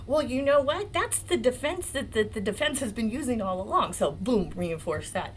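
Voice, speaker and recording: A woman in her forties with an American accent, hosting a legal commentary livestream in an excitable, emotional way, swearing and laughing often. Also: fairly high pitch, normal speed, slight background noise, rough recording. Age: 40s. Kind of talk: casual live-stream commentary.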